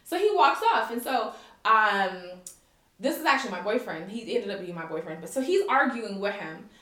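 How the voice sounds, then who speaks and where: A young American woman telling a story in animated casual chat, acting out quotes, swearing and laughing often. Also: medium pitch, normal speed. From United States. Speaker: storyteller guest. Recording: echoey room.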